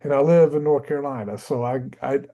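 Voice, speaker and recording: Reading a history book aloud, a man from Tennessee with a Southern US accent tosses in casual asides of his own. He speaks at a medium pitch, a little fast, with a mellow tone, though the audio is dull.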